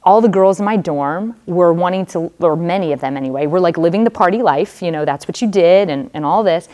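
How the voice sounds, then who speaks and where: A woman with a fairly low voice tells her own story to a room of students. She is a religious sister and talks to them directly, like a conversation. She uses casual fillers as she goes. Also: fairly quick, warm tone. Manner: conversational storytelling, speaks straight to the audience. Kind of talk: personal testimony talk.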